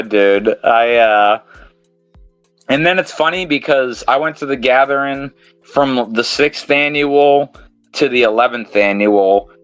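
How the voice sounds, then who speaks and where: A podcast host from New England, speaking with a New England accent and a mid-range voice, chats casually in a rambling, profane way and laughs often. The recording has no echo.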